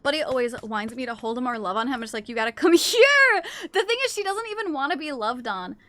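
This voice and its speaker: A woman's voice: on the high side, expressive, fast talker, fairly bright tone. A woman streamer chatting casually on a live stream, cooing baby talk to her cats between comments.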